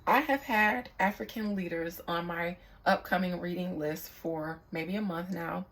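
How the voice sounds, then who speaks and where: A young woman speaking as a psychic reader in a casual, candid vlog monologue, reflective and quick to swear. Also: lowish voice, fairly bright tone, rough recording.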